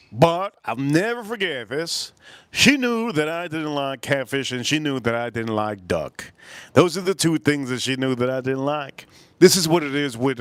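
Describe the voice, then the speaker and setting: A man's voice: mid-range voice, no room sound. Guy on a livestream rambling through a story, swears a lot, repeats himself, dry close sound. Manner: blunt, profane, repetitive rambling. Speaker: livestream host.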